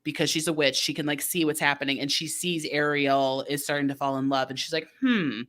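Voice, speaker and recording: A woman's voice: sits low, fairly even intonation, fairly quick, fairly bright tone. A woman co-hosting a podcast, recapping a movie in a chatty, sarcastic way with lots of "like.". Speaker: podcast co-host.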